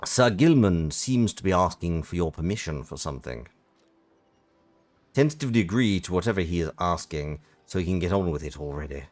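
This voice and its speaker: A man's voice: deep voice, expressive, brisk, darkish tone, no echo. Wry man streaming a game. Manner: chatty, self-interrupting, wry. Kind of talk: casual live-stream commentary and reading. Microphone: close desk microphone.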